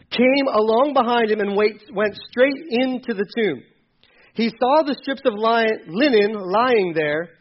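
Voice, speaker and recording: Animated, high-voiced man preaching a sermon. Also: dull audio. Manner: animated, acts out quotes with sudden loud bursts and quiet drops. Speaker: pastor. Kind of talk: casual sermon.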